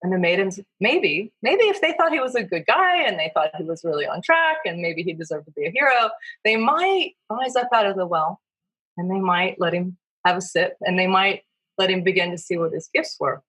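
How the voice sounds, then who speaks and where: A woman, a podcast guest and mythology author, talking in a gentle, storytelling way and acting out imagined inner voices. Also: on the low side, expressive, normal speed, husky, rough recording. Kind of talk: storytelling interview talk.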